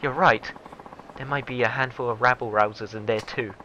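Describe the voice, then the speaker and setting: A man voicing a polite, earnest middle-aged male politician who speaks softly and formally. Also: mid-range voice, fairly even intonation, moderate pace, natural voice. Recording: dull lo-fi with faint noise.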